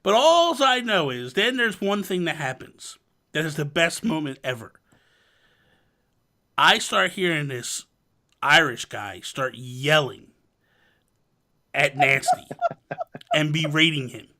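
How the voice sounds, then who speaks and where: A man's voice: fairly high pitch, slow pace, pauses often. A young man hosting a casual gaming podcast, telling stories with lots of laughter and mock exasperation. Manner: animated storyteller, laughs often, mock exasperation. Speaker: podcast host.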